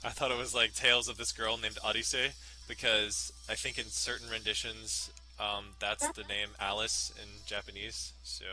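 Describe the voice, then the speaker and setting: A man's voice: on the low side, flat delivery, normal speed, sharp tone. A man from Virginia co-hosting a podcast, chatting casually and animatedly. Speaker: podcast co-host. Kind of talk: casual chat. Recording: echoey room.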